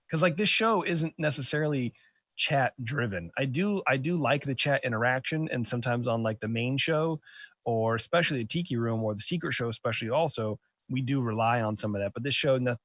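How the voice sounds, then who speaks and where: A man's voice: medium pitch, no echo. A young adult man hosting a podcast, telling stories in a rambling, profane way full of restarts. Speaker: podcast host. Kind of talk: casual chat.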